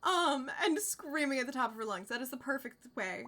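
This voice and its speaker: Excitable streamer woman, slightly high. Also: brisk, slight background noise. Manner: chatty and excitable, often drops to a whisper. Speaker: game streamer. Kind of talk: casual live-stream commentary. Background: game music.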